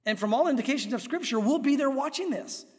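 A middle-aged male pastor preaching an earnest, animated sermon in a church, acting out crowd voices along the way. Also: very high-pitched, fast. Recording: echoey hall with long reverb.

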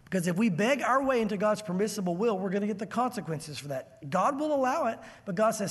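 A man preaching a verse-by-verse sermon as a pastor, emphatic and conversational, with quick asides to the listeners. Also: high-pitched, expressive, husky, big-room sound. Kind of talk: expository sermon.

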